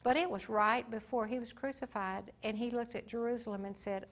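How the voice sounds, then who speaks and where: A woman giving an informal Bible teaching in a folksy, emphatic way, swinging between soft and loud. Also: fairly high pitch, fairly even intonation, a little fast, hardly any pauses.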